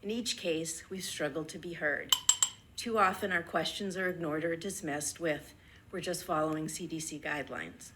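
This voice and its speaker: A woman reading a prepared public comment at a town board meeting, earnest and measured, a little out of breath. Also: deep voice, very noisy. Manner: earnest, measured, deliberate pauses between list items. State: slightly out of breath. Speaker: resident speaking at public comment.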